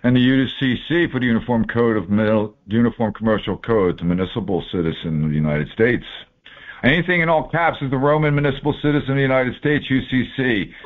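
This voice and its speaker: A man walking through court documents in a folksy, informal way, marking items off one by one with sarcastic asides. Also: medium pitch. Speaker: presenter explaining court papers. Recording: tinny phone-like audio.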